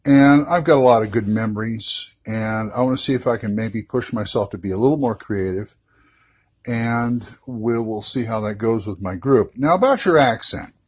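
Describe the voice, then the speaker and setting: A man's voice: lowish voice, husky. A man, a fellow podcaster, leaving a playful, jokey voicemail call-in. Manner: jokey, playful, drops into whispers.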